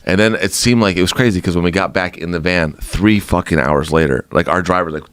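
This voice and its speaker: Low-voiced male guest, lively anecdote teller. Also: brisk, few pauses, dry recording. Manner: animated, laughing storyteller. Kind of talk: casual storytelling.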